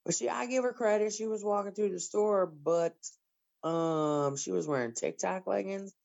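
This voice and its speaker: A woman telling stories in casual group chat, blunt and profane, with lively bursts. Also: mid-range voice, moderate pace, creaky. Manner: blunt, profane, animated storyteller. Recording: slightly dull lo-fi sound.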